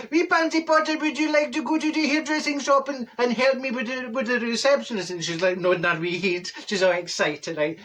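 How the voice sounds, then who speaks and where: A man's high, pushed and bright voice brings to life a brash middle-aged Glaswegian woman in a comic monologue. Chatty, gossipy and blunt, she tells a funny story and claims to be a people person.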